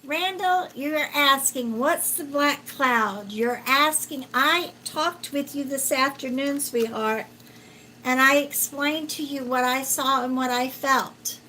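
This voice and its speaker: A woman giving a live-stream card reading as a psychic, talking gently and haltingly with many fillers and calling viewers sweetheart. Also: high-pitched, a little hiss or hum, low-quality recording. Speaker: psychic reader.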